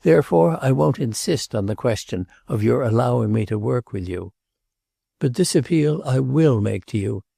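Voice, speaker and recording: A male audiobook narrator voicing a restless, earnest princess who speaks gravely and pleads. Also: mid-range voice, lively intonation, normal speed, mellow, no echo, clean studio sound, full character voice. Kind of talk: audiobook character reading.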